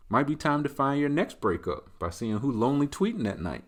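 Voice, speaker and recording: A host with a mid-range, sing-song voice speaks briskly in a casual solo chat. He answers listener questions in a loose, rambling, conversational way, leaning on filler tags.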